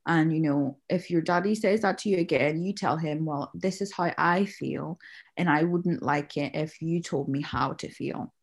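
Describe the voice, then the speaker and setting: A woman's voice: sits low, normal speed. A woman, a mother casually telling a story about her daughter and acting out the quotes, laughing often. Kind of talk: casual chat.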